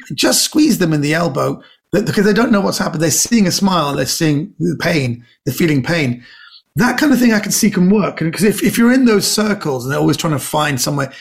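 Gravelly animated male storyteller. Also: fairly high pitch. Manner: animated storyteller acting out quoted people. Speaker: guest comedian. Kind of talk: casual anecdote telling.

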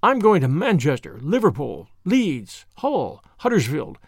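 A man's voice: on the high side, wildly swooping pitch, a little slow, gravelly, slightly rough, dry recording, studio quality, exaggerated voice. A man reading as a flippant actor playing at brigand. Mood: breezy. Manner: breezy and mocking.

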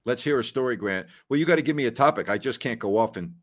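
A man's voice: mid-range voice, lively intonation, fast talker. A man in his sixties hosting a sports talk show in a folksy, exclamatory, rambling way. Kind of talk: casual chat.

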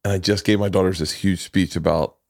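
A man's voice: low-pitched, fairly even intonation, brisk, no room sound, clean studio sound. A middle-aged man hosting a podcast, telling rambling, profane stories and laughing often. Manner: rambling, profane storyteller who laughs a lot. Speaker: podcast host. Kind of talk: casual podcast chat.

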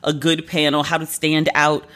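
Woman, late 30s, solo podcast host, bright sharp tone, casual profane storytelling, exasperated. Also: low voice, completely flat delivery, moderate pace.

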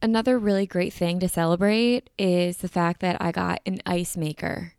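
A woman's voice: lowish voice, fairly even intonation, normal speed, creaky, darkish tone, clear, resonant tone, no echo, clean studio sound. A young woman hosting her podcast in casual, rambling chat, with a groggy morning voice. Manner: chatty, rambling, upbeat. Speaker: podcast host.

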